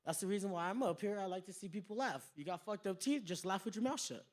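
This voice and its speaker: A man performs a stand-up comedy set on a club stage. His voice sits high for a man, and he tells his stories in an animated, profane way. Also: fast.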